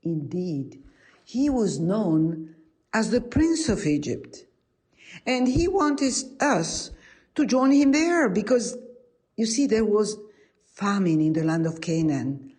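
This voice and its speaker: A woman's voice: medium pitch, very animated, takes it slowly, darkish tone, husky, heavily acted. A woman storyteller voicing an ancient, centuries-old wise woman in a told tale. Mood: reminiscing. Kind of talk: oral storytelling.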